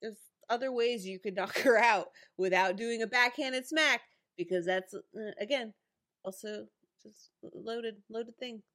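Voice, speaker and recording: Female podcast co-host, slightly high-pitched, chatty and laughing, casual episode recap. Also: measured pace. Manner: animated, laughs often, acts out characters' lines.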